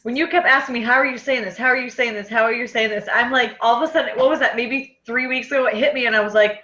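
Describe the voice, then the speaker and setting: A woman tells the group about her own experience in a bright, tense voice, pitched a little high. She talks casually, laughs often and fills pauses with "like" and "you know". The sound is muffled and lo-fi. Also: roomy sound. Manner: chatty, laughing, lots of fillers. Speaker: team member. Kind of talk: casual testimony.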